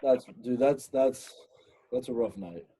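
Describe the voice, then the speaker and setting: A young man hosts a podcast in a relaxed, chatty way and keeps the talk going. His voice is very dark and husky, at a middle pitch. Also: unhurried. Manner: relaxed, chatty, prompts the guest. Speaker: podcast host. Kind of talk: casual chat.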